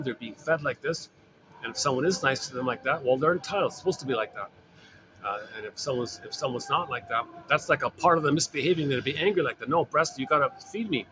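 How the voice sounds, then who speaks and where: A man's voice: mid-range voice, noisy background. A man lecturing informally on psychology, rambling and repeating phrases with frequent fillers. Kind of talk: informal recorded talk.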